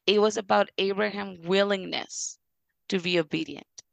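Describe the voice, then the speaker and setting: A woman's voice: medium pitch, fairly even intonation, moderate pace, gravelly, no echo, dull audio. A woman in her thirties, a podcast guest, telling personal stories earnestly and acting out the people in them. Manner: earnest, acts out voices in her anecdotes. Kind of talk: reflective personal storytelling.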